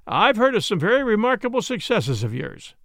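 A man's voice: sits high, big pitch swings, fairly quick, a bit bright, no echo, clean studio sound, pitched above the performer's own voice, heavily acted. A man voicing a genial chief constable, a colonel with a hearty, breezy manner in an audiobook. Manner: hearty, breezy, officer's bluster.

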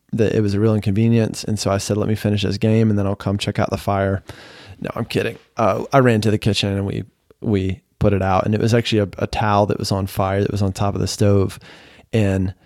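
A young adult man hosting a casual solo podcast, telling a rambling story with sarcastic, deadpan humor and many fillers. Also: lowish voice, no echo, studio quality. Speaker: podcast host.

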